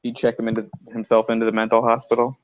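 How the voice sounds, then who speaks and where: A podcast co-host of middling pitch pushes back on his partner's points, repeating words as he works his way into an argument. The sound is dull and lo-fi. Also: monotone, fast talker. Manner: stammering, pushes back in debate. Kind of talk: casual podcast chat.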